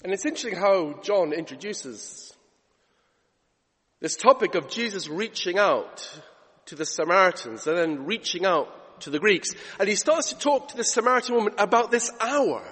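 In a church with big-room sound, a pastor retells scripture stories conversationally before building to emphatic preaching. His voice is high-pitched, husky and fairly bright, with lively intonation and a moderate pace.

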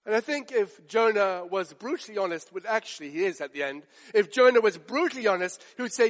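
A man preaching a sermon, emphatic and rhetorical, with dramatic pauses and acted quotes. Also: sits high, a bit bright. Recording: long hall reverb.

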